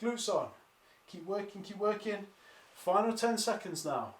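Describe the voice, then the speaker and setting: High-voiced fitness coach. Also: male voice, animated, a little slow. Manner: encouraging, counts down reps, trips over words. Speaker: calisthenics coach. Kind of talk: follow-along workout instruction. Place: home during lockdown, exercising on the floor. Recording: echoey room.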